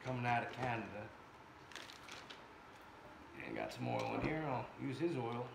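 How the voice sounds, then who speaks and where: In this casual workshop vlog, an American man tries out air guns indoors and jokes with his viewers as he goes. His gravelly, medium-pitched voice swoops wildly up and down at a moderate pace, caught by a distant camera in an echoey space with noise behind it.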